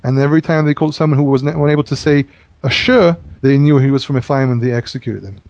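A man leads a relaxed Bible study, working through his explanation with many stops and restarts. His voice is mid-pitched and close to the mic, with no room around it, and the recording is a little dull and lo-fi. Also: fast, no echo.

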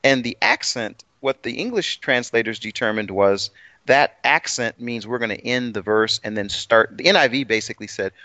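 A man's voice: mid-range voice, lively intonation, normal speed, sharp tone, no echo. A man co-hosting a casual Bible study discussion, talking eagerly and poking fun at himself. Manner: eager and self-deprecating. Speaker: co-host. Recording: dull lo-fi sound.

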